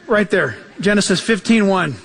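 A man preaching a sermon in an animated way, acting out the voices he quotes and chuckling between points. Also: high voice, moderate pace, creaky. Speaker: pastor.

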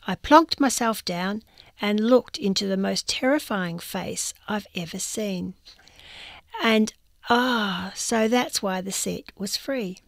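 A woman reads a humorous magazine column aloud in a wry, dry storytelling manner. Her voice has a gravelly texture, and the recording is close and dry. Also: medium pitch, slow pace, no room sound. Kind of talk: reading a first-person column aloud.

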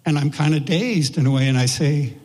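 A man recounts a memory in a folksy, unhurried storytelling voice, slipping into the voices of the people he quotes. His voice sits a little high, and a long reverb trails each phrase as if he stands in a large hall. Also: a little mellow. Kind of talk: personal storytelling.

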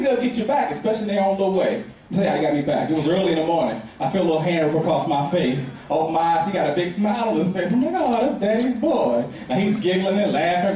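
A man's voice: high voice, a little mellow, very echoey, distant mic, rough recording. A man performing stand-up comedy, with laid-back storytelling that builds to exasperated outbursts.

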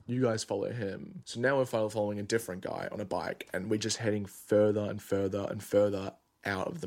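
Young man telling a travel story, low voice. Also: creaky, noisy background. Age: 20s. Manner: casual, vivid storytelling with quick asides. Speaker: student storyteller.

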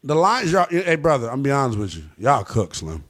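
A man hosting a call-in sports radio show, brash and animated as he trash-talks teams with callers. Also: mid-range voice, a little fast.

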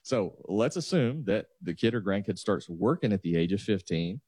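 A man's voice: on the low side, lively intonation, normal speed, a little mellow, slightly rough, no room sound. A man, a financial advisor patiently walking listeners through numbers on a talk show. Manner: explanatory, walks through numbers step by step.

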